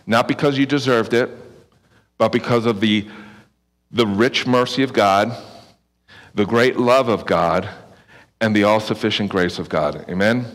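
A man's voice: medium pitch, fairly bright tone. A man preaching a sermon in a conversational, earnest way, often restarting his phrases and adding asides. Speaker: pastor. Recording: long reverb of a hall.

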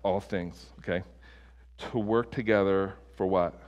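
A man's voice: low voice, steady tone, measured pace. A man preaching a sermon as a pastor, impassioned, with many restarts and surges of intensity. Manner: impassioned, rising to near-shouting peaks, many restarts. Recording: long hall reverb.

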